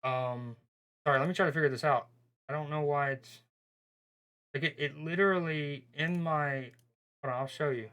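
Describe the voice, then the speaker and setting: A man's voice: fairly high pitch, fairly even intonation, normal speed, long pauses, a bit bright, clean tone. A man hosting a live football watchalong stream, talking casually and rambling, often breaking off mid-sentence. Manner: rambling, self-interrupting, bemused.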